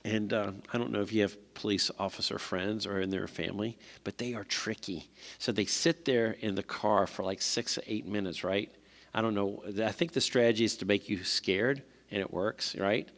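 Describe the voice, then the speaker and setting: A man speaks conversationally at a parent seminar in a church hall, telling stories and putting questions to the audience. His voice is on the low side, with a steady tone and moderate pace, and the hall adds long reverb.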